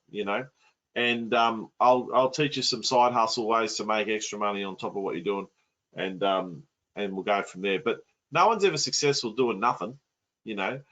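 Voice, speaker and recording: A man's voice: mid-range voice, fairly bright tone. A man coaching property investment in an online masterclass, blunt and colloquial.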